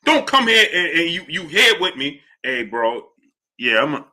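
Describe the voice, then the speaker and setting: A man hosts a casual livestream, his voice sharp and ringing. He goes from low, mumbled shout-outs to loud, heated outbursts. He sounds preachy as he rants at whoever he is talking about. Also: big pitch swings, normal speed. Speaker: livestream host. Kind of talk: casual livestream commentary, reading viewer chats.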